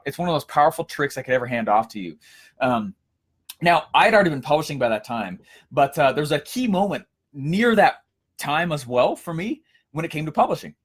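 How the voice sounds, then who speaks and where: A young man giving a casual coaching lesson, energetic and storytelling, with frequent fillers and restarts. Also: a little high. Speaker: course instructor.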